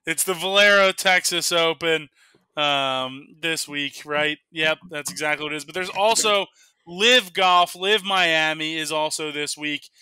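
A man's voice: on the high side, bright, forceful tone, clear, resonant tone, no room sound. A man hosting a casual sports betting podcast, leading the picks and joking with his co-hosts. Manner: leads the segment, quick and joking. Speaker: podcast host running the picks.

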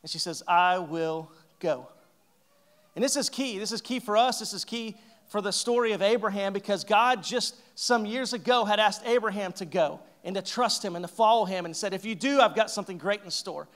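A male pastor preaching a sermon, telling a story with lively acted-out quotes and joking asides. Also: sits high, brisk. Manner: animated storytelling, acting out characters' lines.

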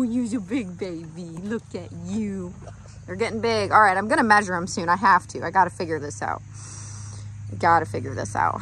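A woman's voice: mid-range voice, a bit bright, slight background noise. A woman chatting casually as she vlogs from a horse paddock outdoors, cooing affectionately at her horses between remarks. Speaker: horse farm owner and vlogger. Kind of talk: casual vlog narration.

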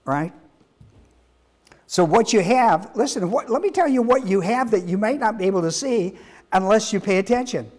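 A man's voice: sits high, expressive, normal speed, a little mellow. A man, a pastor, teaching a sermon in an emphatic way, repeating words and putting questions to his listeners.

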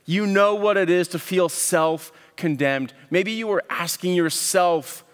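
A man preaches in an earnest, measured voice, pitched a little high for a man, circling back to repeat words as he lands each point. His voice carries a long reverb from a large church hall. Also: smooth. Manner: earnest, with frequent word repeats and pauses. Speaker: pastor. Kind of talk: sermon.

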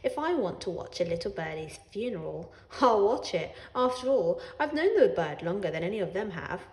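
Woman storyteller, wry cat voice, lively pitch, roomy echo. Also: moderate pace. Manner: wry, sardonic, expressive, laughs along. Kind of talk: children's read-aloud as a sarcastic cat narrator.

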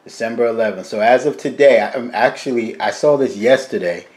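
A man hosting a casual cooking video, chatting to his viewers as "guys", quiet and mumbling while he cooks and louder when he turns to the camera. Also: medium pitch, brisk. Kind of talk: casual cooking vlog chat.

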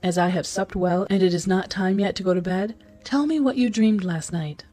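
A stern, proud old king from a fairy tale, read by a woman narrator. He speaks in a commanding, formal way. The voice is low, mellow and breathy. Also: moderate pace, soft background music, natural voice. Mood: stately.

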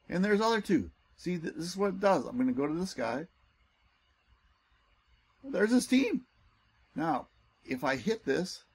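A man giving an excitable, salesy screen-share walkthrough as a network marketing recruiter. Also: breathy edge. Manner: excitable and salesy, pitch jumps when enthused.

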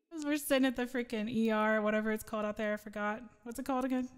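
A woman's voice: a little high, steady tone, fast talker, clear, resonant tone, long reverb tail. A woman streamer chatting casually with viewers between song requests, rambling and laughing often. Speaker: streamer and singer.

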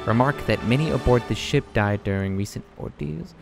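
A man's voice: medium pitch, brisk, creaky, over music. A young man casually commenting on a video game he plays, reading dialogue choices aloud and laughing often. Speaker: let's play host.

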